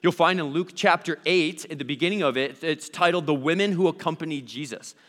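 A man's voice: fairly high pitch, a little fast, a bit bright, big-room sound. A man giving a conversational sermon, thinking aloud with restarts and asking questions of the text. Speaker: preacher.

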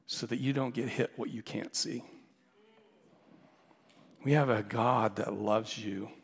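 A man preaching a sermon as pastor, telling a story with dramatic shifts from loud calls to hushed near-whispers. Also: medium pitch, creaky, breathy edge, long reverb tail. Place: church sanctuary.

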